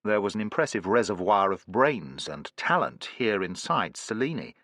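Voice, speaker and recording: A man reading a science fiction audiobook in an even, measured storytelling way. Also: on the low side, no room sound, studio quality. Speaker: audiobook narrator. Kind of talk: scripted audiobook narration.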